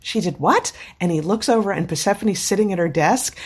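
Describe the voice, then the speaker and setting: A woman's voice: on the low side, fairly quick, husky. A woman co-hosting a podcast, chatting casually and enthusiastically retelling a webcomic's scenes. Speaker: podcast co-host. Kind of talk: casual chat recapping a webcomic.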